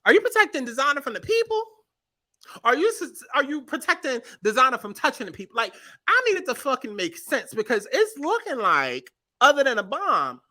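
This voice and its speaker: A young woman hosting a comedic commentary show, riffing in an animated, profane, exasperated way. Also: medium pitch. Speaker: host.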